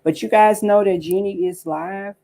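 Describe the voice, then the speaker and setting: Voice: mid-range voice, steady tone, moderate pace, mellow, slight background noise, rough recording. A livestream host giving casual commentary, ranting with profanity and repeated rhetorical questions, and greeting viewers by name between points.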